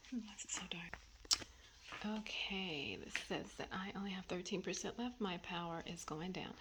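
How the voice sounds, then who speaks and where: Woman home vlogger, low-pitched and soft, half-whispered musings on a phone camera in her bedroom. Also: slight background noise. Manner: rambling, many ums and trailing thoughts. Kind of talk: casual thinking-aloud vlog.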